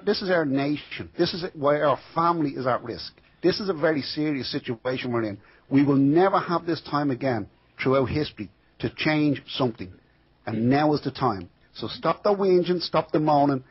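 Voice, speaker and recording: A man's voice: a little high, lively intonation, normal speed, breathy edge, lo-fi sound. A man speaking as a guest, urging listeners in an impassioned, repetitive appeal. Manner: exhorting, urgent, repetitive. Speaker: caller or guest.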